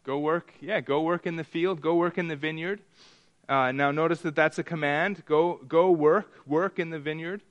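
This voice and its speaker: A man's voice: on the high side, fairly even intonation, normal speed, highs cut off. A man preaching a sermon in a church, chatting with the congregation, asking them questions and often restarting his sentences. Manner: conversational, asks the congregation questions; many restarts and repetitions. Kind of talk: interactive sermon.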